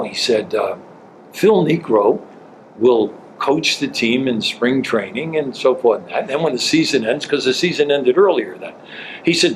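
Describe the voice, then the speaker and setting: Older man spinning an animated anecdote. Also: moderate pace, a little hiss or hum, low-quality recording. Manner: animated, jumps pitch for quoted voices. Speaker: interview guest, former coach. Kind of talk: storytelling anecdote.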